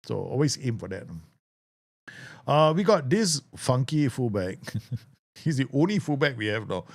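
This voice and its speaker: Male streamer, lively swinging pitch, chatty with sudden excited bursts. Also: vocal fry. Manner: chatty, laughs often, excitable outbursts. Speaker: gaming streamer. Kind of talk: casual live game commentary.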